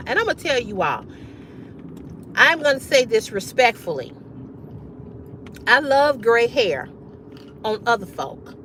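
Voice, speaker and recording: A woman hosting a casual livestream, chatting with viewers, reading their comments aloud and often bursting into loud laughter. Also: on the high side, unhurried, pauses often, slight background noise. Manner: animated, reads comments aloud and reacts. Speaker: livestream host.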